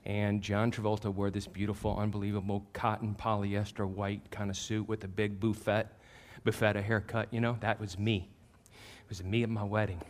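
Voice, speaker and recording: A man in his fifties, a pastor, preaching a sermon through animated, self-deprecating personal stories that get loud at the punchlines. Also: fairly low pitch, normal speed, few pauses. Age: 50s.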